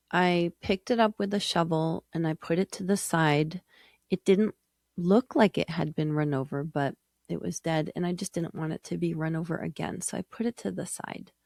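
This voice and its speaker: A woman hosting a podcast, telling a personal story in a gentle, earnest way. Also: on the low side, no room sound, studio quality. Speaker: podcast host, psychologist.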